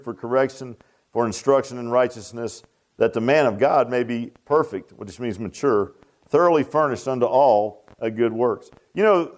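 A man's voice: medium pitch, darkish tone. A man preaching a sermon in a folksy, repetitive way that rises to emphatic bursts. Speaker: pastor.

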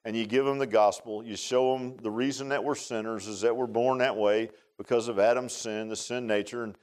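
A male pastor preaching a sermon in a folksy, excitable way that builds to loud, impassioned passages. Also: mid-range voice, a little fast.

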